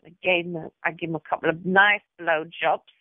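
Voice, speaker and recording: A woman's voice: lowish voice, steady tone, brisk, dry recording. A woman leaving an abusive voicemail rant, foul-mouthed, taunting and hostile. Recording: tinny phone voicemail.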